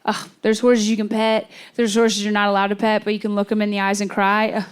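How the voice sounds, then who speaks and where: A woman's voice: medium pitch, completely flat delivery, brisk. A young woman from Kentucky performing a stand-up comedy set, telling a story with playful quoted voices. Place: comedy club stage with audience.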